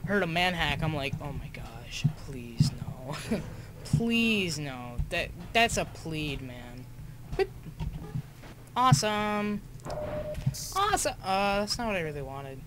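A young man commenting casually on his own gameplay, excitable and laughing, muttering asides between outbursts. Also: high voice, noisy background. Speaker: gamer. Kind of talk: casual let's-play commentary.

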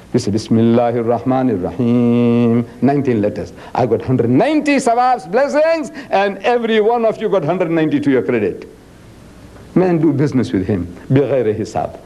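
A man with a South African accent giving a religious lecture to a live audience. He acts out dialogues, teases the crowd and recites Arabic scripture quickly between English lines. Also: a little high, mellow. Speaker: Islamic preacher and lecturer.

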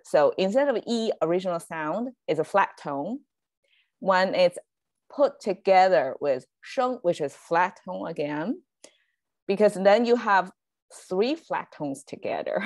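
Slow, low-voiced woman teaching Chinese. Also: darkish tone, no room sound. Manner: chatty, laughs often, explains with slides, self-corrects. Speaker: Chinese language teacher and host. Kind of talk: casual online language lesson.

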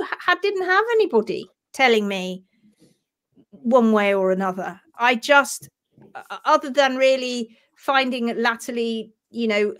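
A woman's voice: a little high, a bit bright. An English woman hosting a live stream, talking in a passionate, emphatic way. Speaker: host.

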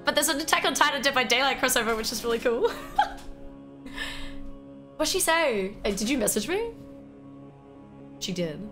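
A young Australian woman streams a game live, her high voice bouncing all over the place as she chats, swears and laughs with viewers. Her tone is bright and sharp, and soft music plays underneath. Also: fairly quick. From Melbourne, Australia. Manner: excitable, swears freely, laughs often. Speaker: livestreamer. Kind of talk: casual live game commentary.

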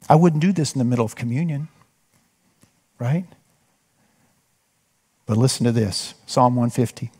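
A man's voice: medium pitch, moderate pace, pauses often, a little mellow, breathy edge. A man preaching a sermon as pastor, talking conversationally and asking the congregation questions. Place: church sanctuary. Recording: long hall reverb.

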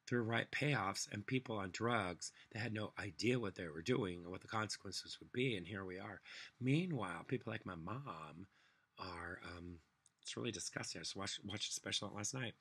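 Guy ranting on camera, husky and kinda rough, cussing a lot, sarcastic. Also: fairly low pitch, normal speed, sharp tone. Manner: angry, profane, sarcastic ranting. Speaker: vlogger. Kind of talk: solo political rant.

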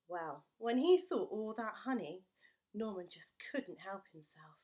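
A woman teacher reading a children's storybook aloud to her class, with expressive, playful storytelling. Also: mid-range voice, unhurried, highs cut off.

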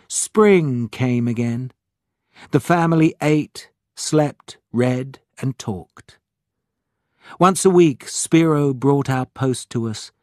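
A man slowly reading a children's storybook aloud in a lively way. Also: medium pitch, no room sound, studio quality. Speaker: reader. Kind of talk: storybook narration.

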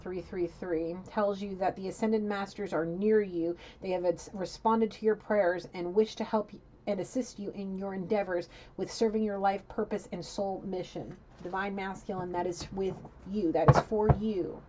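A woman's voice: mid-range voice, steady tone, normal speed, warm tone, highs cut off, slight background noise. A woman giving a rambling, blunt psychic reading in a casual, chatty way. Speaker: psychic tarot reader.

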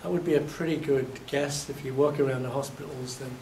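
A man from England giving a university lecture, telling lively stories and acting out his examples, his voice a little hoarse. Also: medium pitch, a little fast. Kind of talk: classroom lecture. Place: lecture hall. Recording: echoey hall, distant mic, faint noise.

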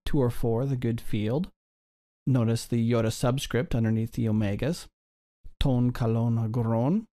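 A man with a mellow, darker voice at an ordinary middle pitch, teaching a recorded grammar lesson. He explains patiently and slows right down whenever he sounds out a form. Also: steady tone. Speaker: Greek teacher.

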